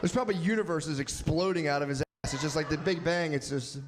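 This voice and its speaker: A man's voice: on the high side, fast, background noise. A man doing crude stand-up crowd work on a club stage, brash and profane, laughing at his own jokes.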